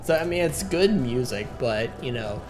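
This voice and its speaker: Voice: mid-range voice, lively intonation, moderate pace. A streamer rambling casually over gameplay, humming and muttering to themself, reading game lines aloud. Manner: rambling, hums and mumbles to self. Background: game music.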